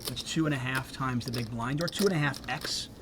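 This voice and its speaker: A man's voice: mid-range voice, a little fast. Male poker commentator, joking banter. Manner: joking, chatty. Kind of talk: play-by-play commentary. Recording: noticeable background noise.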